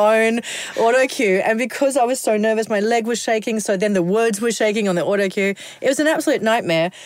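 A middle-aged Australian woman, a broadcaster, telling lively anecdotes in a casual interview, often laughing between lines. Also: medium pitch, no echo, clean studio sound.

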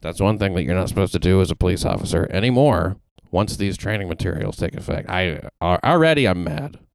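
Deep gravelly man, deadpan joking. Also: fairly quick, no room sound. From American South. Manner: deadpan, jokey, stumbling restarts. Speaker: podcast host. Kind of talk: casual comedic chat.

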